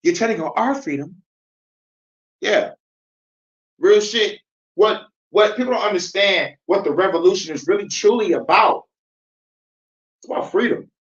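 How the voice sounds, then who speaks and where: Vlog host, male, heated profane rant, tense and bright, lo-fi sound. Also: sits high, a little slow, pauses often. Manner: profane, heated and animated, laughing often. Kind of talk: ranting commentary. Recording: dull lo-fi sound.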